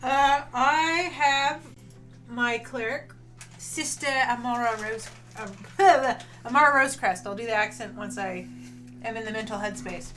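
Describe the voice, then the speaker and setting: A woman's voice: on the high side, measured pace, fairly bright tone, soft background music. A woman playing in a tabletop game stream, chatting and explaining with a laugh in her voice. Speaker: player. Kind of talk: casual stream banter.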